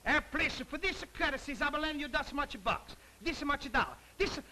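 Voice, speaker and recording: A man voicing an excitable male announcer in a mock Italian accent, speaking in broken English, flustered and shouting. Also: very high voice, moderate pace, heavy background noise. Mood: frantic.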